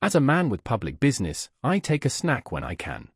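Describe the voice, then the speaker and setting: A man's voice: medium pitch, huge pitch swings, fairly quick, husky, no room sound, clean studio sound, heavily acted. A man voicing a pompous, wordy male auctioneer who speaks in a sonorous, self-satisfied manner.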